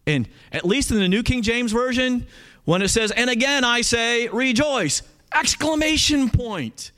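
A man's voice: extremely high pitch, lively intonation, a little slow, bright, forceful tone. A man teaching a Bible study in a conversational, earnest way, often checking in with his listeners.

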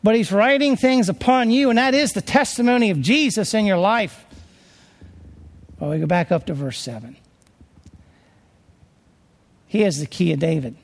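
A man's voice: sits high, lively intonation, a little fast, creaky, big-room sound. A man preaching a conversational sermon, rambling a little and restarting his sentences as he works through scripture.

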